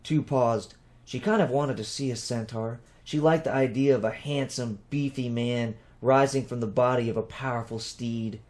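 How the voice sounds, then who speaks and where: A man narrating a storybook as an audiobook reader, in a steady, plain reading. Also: medium pitch, normal speed.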